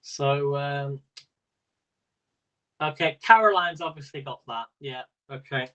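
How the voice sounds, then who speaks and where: A man's voice: mid-range voice, takes it slowly, bright, forceful tone, highs cut off. A man hosting a live-stream quiz in a casual, rambling way, laughing often as he talks. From Britain. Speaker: quiz host.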